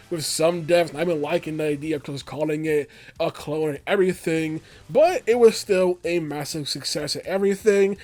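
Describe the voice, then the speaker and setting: Rambling young man with a higher voice. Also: darkish tone. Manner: rambling and conversational, filler phrases. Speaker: video essay creator. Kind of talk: casual commentary video essay.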